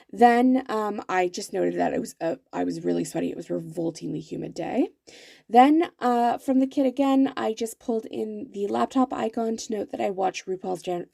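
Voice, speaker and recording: A woman's voice: mid-range voice, gravelly, mellow, dry recording, studio quality. A young woman chatting her way through decorating a weekly planner, casual and full of fillers and self-corrections, with the hiccups. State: has the hiccups. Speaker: planner vlogger. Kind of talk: voice-over narration of a planner spread.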